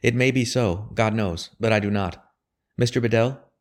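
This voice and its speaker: A man's voice: lowish voice, normal speed, voice pushed up, close to an everyday voice. A man reading aloud, voicing an anxious young woman who speaks breathlessly and in a near whisper. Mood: hushed, earnest. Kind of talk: audiobook character voice.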